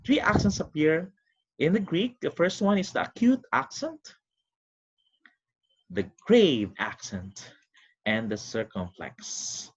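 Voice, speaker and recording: A man teaching a recorded online lesson, explaining step by step with quick recaps in an animated, sing-song way. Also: on the high side, a little hiss or hum. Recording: dull lo-fi recording.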